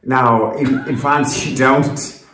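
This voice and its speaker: A man's voice: mid-range voice, fairly even intonation, slow pace, a bit bright, a little hiss or hum. A man co-hosting a casual home vlog, talking bluntly about life at his chateau. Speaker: co-host, chateau owner. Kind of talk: casual chat. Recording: roomy echo.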